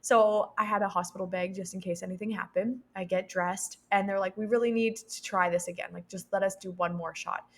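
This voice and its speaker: A young adult woman, a podcast guest, telling a personal story with lively quoted voices and frequent laughs. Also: mid-range voice, a little fast, few pauses. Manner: animated, acts out quoted voices; laughs between sentences.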